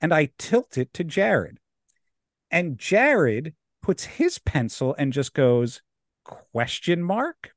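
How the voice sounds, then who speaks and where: A young man and podcast co-host, telling a story in casual chat, animated and laughing as he acts out the people in it. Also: a little high, slow, no echo, studio quality.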